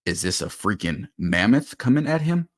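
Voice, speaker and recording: Man, very deep voice, casual and animated film breakdown. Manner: animated, quick, explanatory. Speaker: football film analyst.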